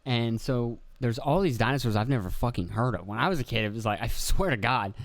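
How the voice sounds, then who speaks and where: A man's voice: mid-range voice, a little fast, no room sound. A man in his thirties from Pennsylvania, hosting a podcast and telling rambling, profane stories about family outings, acting out the voices of the people in them. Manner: profane, rambling storyteller who acts out quoted voices. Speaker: podcast host. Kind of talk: casual rambling monologue.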